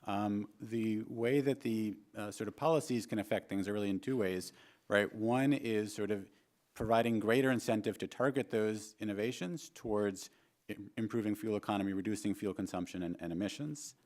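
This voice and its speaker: A man's voice: fairly low pitch, moderate pace, darkish tone. A man testifying at a hearing, answering with lots of "you know" and "sort of". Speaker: economist witness.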